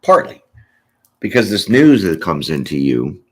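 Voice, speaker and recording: A man's voice: low voice, very animated, a little slow, slightly rough. A man doing a casual, chatty tarot reading, joking and laughing often as he goes through the cards. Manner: chatty, laughs often, jokes and acts out little bits. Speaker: tarot reader.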